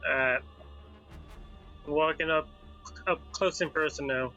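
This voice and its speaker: A man's voice: fairly high pitch, steady tone, takes it slowly, sharp tone, muffled recording, soft background music. A man playing a tabletop game, joking and irreverent in casual banter. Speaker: player.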